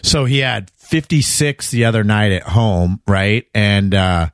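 A man co-hosting a casual sports betting podcast, chatty and quick to act out quotes in a raised voice. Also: lowish voice, smooth, dry recording, clean studio sound. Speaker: podcast co-host.

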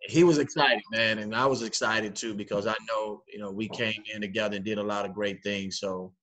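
A man's voice: on the low side, fairly even intonation, a little fast, a bit bright. A man hosting a casual interview show, upbeat and saying "man" a lot. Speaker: podcast host.

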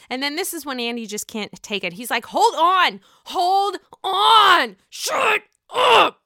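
A woman casually recapping a reality show reunion for her vlog, gossipy and profane, with animated reactions. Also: high-pitched, no room sound, studio quality.

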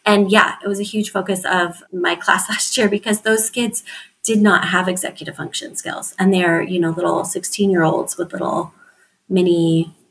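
A woman's voice: on the low side, level tone, normal speed, a bit bright. Bubbly woman guest, laughs often. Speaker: author and teacher, podcast guest. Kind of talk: casual interview chat.

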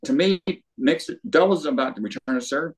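Older man telling a lively story. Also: on the high side, fairly quick, husky. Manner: animated storyteller with acted quotes. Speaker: guest, former tennis pro. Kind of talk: storytelling interview.

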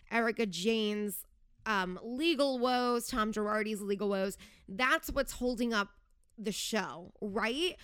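A woman's voice: a little high, pushed and bright, smooth, no echo, clean studio sound. A young woman hosting a podcast, ranting in a chatty, fired-up way with sarcastic jabs and lots of "like". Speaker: podcast host. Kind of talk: casual reality TV gossip rant.

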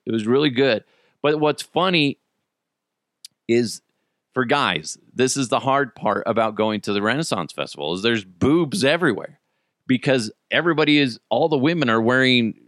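Animated, profane podcast host, a man. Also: medium pitch, no echo, studio quality. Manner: profane, animated, laughs often. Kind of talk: casual storytelling.

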